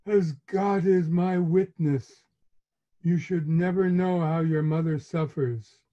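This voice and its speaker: A man's voice: fairly high pitch, steady tone, takes it slowly, dark tone. A man reading aloud and voicing his complaining, guilt-tripping mother in a raised, sarcastic tone, on a dull lo-fi recording. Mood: plaintive, martyred. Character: martyred, complaining middle-aged mother.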